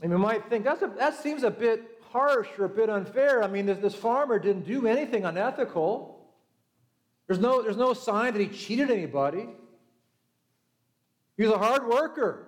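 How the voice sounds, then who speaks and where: A man's voice: high voice, roomy sound. A middle-aged male pastor preaching a sermon, telling the story conversationally and acting out the quoted voices. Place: church.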